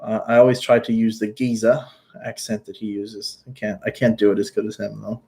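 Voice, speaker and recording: A man's voice: lowish voice, little pitch movement, brisk, gravelly, dark tone. A man from the United States, talking casually on a livestream and answering chat with blunt, outspoken remarks and casual swearing. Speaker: YouTuber answering live chat.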